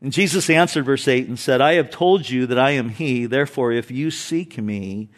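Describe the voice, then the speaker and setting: A man preaching an expository sermon, retelling Bible stories in an animated, casual way. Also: medium pitch, moderate pace. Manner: animated storytelling, paraphrases Bible figures casually. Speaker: pastor.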